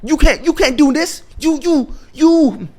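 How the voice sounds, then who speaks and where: A man's voice: very high-pitched, unhurried, a little mellow, a little hiss or hum, pitched above the performer's own voice. A man voicing an exasperated male caller who stammers his complaints.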